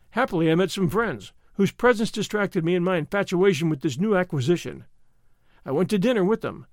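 A man reading a first-person story aloud as an audiobook narrator, with expressive storytelling. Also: high voice, dry recording, studio quality. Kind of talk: scripted narration.

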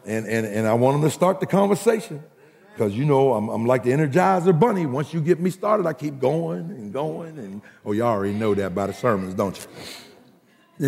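Gravelly, emphatic male preacher. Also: mid-range voice, in a large hall. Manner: rhythmic, emphatic, humorous, call-and-response. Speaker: pastor. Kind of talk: sermon.

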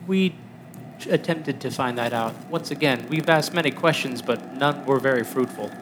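A man's voice: medium pitch, normal speed. A man playing a tabletop game, speaking earnestly in character. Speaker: player. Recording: noisy home recording.

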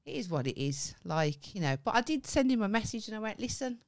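Speaking fast at a medium pitch, this woman co-hosts a podcast and spins an animated story during a casual chat. Swear words flow freely, and she performs the dialogue she quotes.

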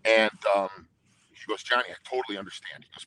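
An intense, talkative man tells stories in a casual interview, jumping in with restarts. His voice is bright and forceful. A faint rumble sits under the recording. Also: fast talker, low-quality recording. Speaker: guest singer.

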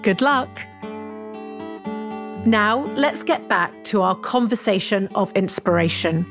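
A woman's voice: mid-range voice, lively intonation, takes it slowly, music in the background. Upbeat woman podcast host. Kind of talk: read ad and interview questions.

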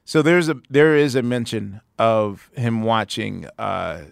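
A man's voice: lowish voice, animated, takes it slowly, gravelly, no echo, clean studio sound. A man hosting a podcast in casual chat, telling rambling anecdotes full of "like". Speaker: podcast host.

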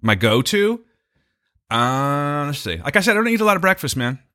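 A man's voice: fairly high pitch, very animated, normal speed, bright, forceful tone. An older man co-hosting a casual chat, laid-back and joking.

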